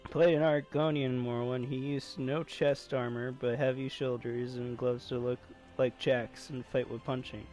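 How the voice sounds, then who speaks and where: A young man giving excitable, jokey commentary while playing a video game. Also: medium pitch, moderate pace, hardly any pauses, faint music behind. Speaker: gaming streamer. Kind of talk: casual gameplay commentary.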